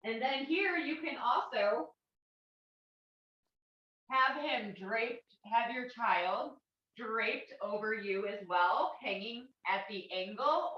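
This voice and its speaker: A woman teaching a kids and parent yoga class, guiding poses in a gentle, encouraging way with playful animal sounds. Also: a little high. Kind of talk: guided yoga class instruction. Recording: roomy, distant, dull lo-fi sound.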